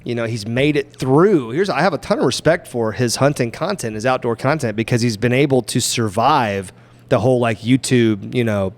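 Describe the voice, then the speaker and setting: A man at medium pitch hosting a relaxed podcast conversation. He rambles, thinks out loud and drifts into quick asides as he talks things through. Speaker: podcast host. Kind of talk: casual podcast chat.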